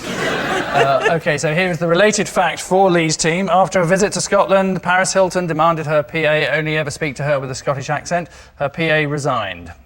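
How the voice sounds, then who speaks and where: A man hosting a studio panel show, delivering scripted lines in a dry, deadpan way. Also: on the high side, a little fast. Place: TV studio with live audience. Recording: studio audience laughter and noise.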